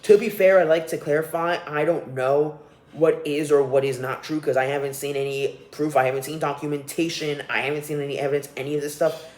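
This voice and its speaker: A man's voice: a little high, steady tone, fairly quick, a little mellow. Ranting podcast man in an echoey room. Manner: ranting, profane and scornful. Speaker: podcast host. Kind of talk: solo podcast commentary. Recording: roomy echo.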